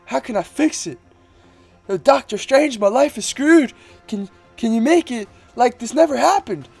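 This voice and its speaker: A man's voice: extremely high pitch, animated, normal speed, creaky, breathy edge, soft background music, voice pushed up, exaggerated voice. A man putting on the voice of a panicked teenage boy superhero, pleading and whiny.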